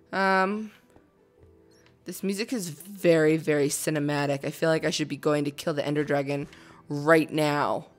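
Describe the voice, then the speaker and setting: A young woman casually commenting on her own gameplay, chatty and excitable, chattering to herself and to the game animals. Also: fairly low pitch. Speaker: gaming video host.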